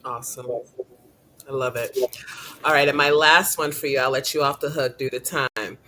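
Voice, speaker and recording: A woman's voice: very deep voice, steady tone, moderate pace, sharp tone, slight background noise. Woman coach hosting an interview, chatty and upbeat, laughs a lot. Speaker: career coach and host. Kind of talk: casual interview.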